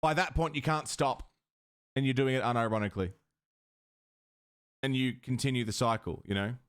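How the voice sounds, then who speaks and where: A man's voice: mid-range voice, normal speed, clean tone. A man from Australia with an Australian accent, a live streamer chatting casually with his viewers in a joking, sweary way.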